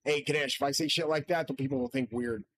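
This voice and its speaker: A man's voice: medium pitch, fairly even intonation, fast, a bit bright, dry recording, poor audio. A man hosting his own channel, delivering a rambling, profane and grandiose solo monologue from his studio. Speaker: channel host.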